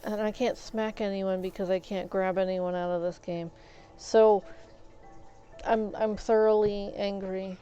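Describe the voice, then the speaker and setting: A woman streams a game and talks over it in an unhurried, drawn-out way, sounding exasperated and stumbling over her restarts. Her voice is smooth and clean, though the recording itself comes across a little dull and lo-fi. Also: mid-range voice, fairly even intonation, warm tone. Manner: exasperated venting, stammering restarts, mild swearing. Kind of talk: casual gameplay commentary.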